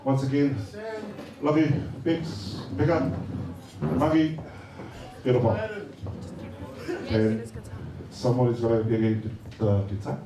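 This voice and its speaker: A man's voice: medium pitch, little pitch movement, slow pace, pauses often, crowd noise. Joking Samoan man in an echoey hall. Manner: hesitant and joking, many fillers. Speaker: speaker at a birthday party. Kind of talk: casual speech at a party. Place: large party hall. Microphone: handheld mic. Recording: echoey hall from far off, noisy.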